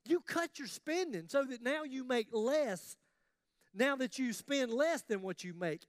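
Preaching in a lively, jokey, conversational style, this high-voiced pastor keeps a measured pace through his sermon. The recording is close and dry, without any room sound.

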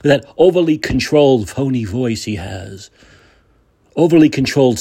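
A man's voice: mid-range voice, animated, moderate pace, dark tone, husky. A man hosting a political talk show, delivering a combative, sarcastic monologue with profanity. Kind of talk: opinionated monologue.

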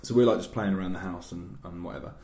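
Young guy, low-ish voice, casual banter storyteller, roomy echo. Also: steady tone, fast, warm tone. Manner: banter-heavy storyteller, swears freely. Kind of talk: casual chat. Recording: echoey room.

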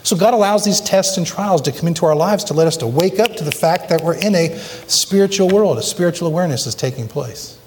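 A pastor's sermon rings through a church sanctuary with long reverb and slight background noise. His voice is on the high side, a little fast and a little mellow as he preaches emphatically and asks the congregation rhetorical questions.

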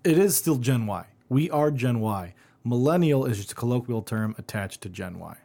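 A man in his thirties chatting casually, animated, swearing freely and laughing through his stories. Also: medium pitch, moderate pace, creaky. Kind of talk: casual chat.

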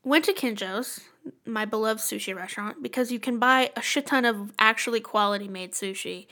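A young woman in casual podcast chat with a high, bright voice. She tells her stories animatedly and swears freely. Her reactions to everything are big and exaggerated. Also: normal speed. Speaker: podcast co-host.

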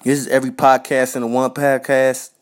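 A man's voice: mid-range voice, level tone, fairly quick, clean tone. A man hosting a podcast, giving a casual spoken tribute in a slangy, repetitive way and talking straight to his listeners. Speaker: podcast host.

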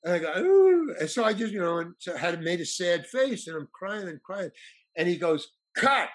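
A man's voice: high voice, fairly quick. A man telling a long anecdote in casual chat, acting out the voices of people he quotes. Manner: animated, acts out quoted voices. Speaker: storyteller guest.

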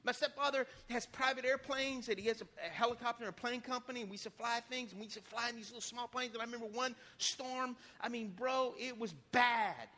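A man preaching a sermon in church, lively and folksy, with sudden loud bursts and casual asides. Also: extremely high pitch, fast talker, few pauses, slight background noise. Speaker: pastor.

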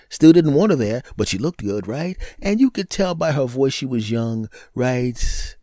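A man hosting a podcast, telling a comedic story in a lively, repetitive way that breaks into silly sung sound effects. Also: medium pitch, normal speed, no echo, clean studio sound. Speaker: podcast host.

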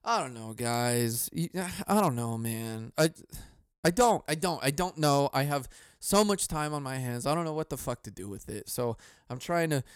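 A man's voice: mid-range voice, expressive, moderate pace, smooth, no echo, clean studio sound. A man hosting a solo comedy podcast, ranting in a cynical, profane, rambling way, breaking off to laugh and sigh. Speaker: podcast host.

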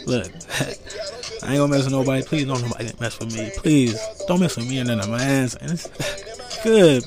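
A man's voice: mid-range voice, normal speed. An American man in his thirties hosting a casual solo podcast, rambling loosely, laughing often and cussing freely. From United States. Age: 30s. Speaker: podcast host. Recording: music playing loudly behind. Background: music.

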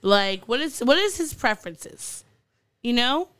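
Woman, casual podcast chat, slow and drawn out, dry close sound, giggly. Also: fairly high pitch, big pitch swings, fairly bright tone, clean tone, dry recording. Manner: giggly, rambling with fillers and restarts. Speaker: podcast co-host. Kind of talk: casual chat, recounting news stories.

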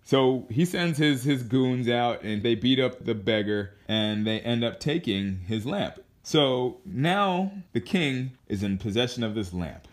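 A man's voice: mid-range voice, lively intonation, unhurried, few pauses. A young man casually telling a story, rambling with restarts and chuckling at his own asides. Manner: rambling, many fillers and restarts, laughs at his own jokes.

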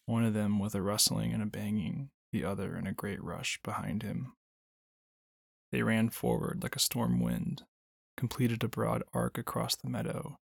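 Gravelly, husky man reading a storybook. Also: lowish voice, no room sound, clean studio sound. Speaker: narrator.

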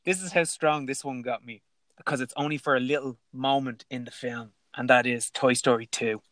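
A man's voice: mid-range voice, fairly even intonation, moderate pace, a bit bright, no room sound. A man talking films enthusiastically as a guest on a phone call, with hesitations. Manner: enthusiastic film talk with hesitations. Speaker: podcast guest. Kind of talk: casual chat.

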